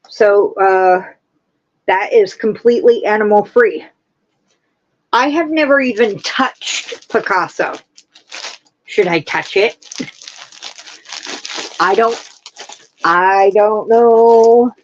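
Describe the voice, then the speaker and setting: A woman hosting a casual livestream, chatting and gushing with excitement. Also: on the high side, takes it slowly, pauses often, lo-fi sound. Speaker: livestream host. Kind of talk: casual chat.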